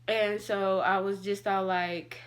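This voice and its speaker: A young adult woman vlogs a personal story in a casual, chatty way, leaning heavily on fillers like "like" and "all like." Her voice is medium-pitched, level in tone and slow.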